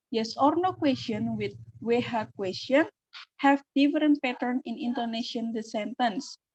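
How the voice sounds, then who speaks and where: A young woman with an Indonesian accent giving a class presentation, halting and switching between English and Indonesian to explain terms. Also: a little high, a little mellow, slightly rough. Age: young adult. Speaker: student presenter. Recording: muffled lo-fi recording.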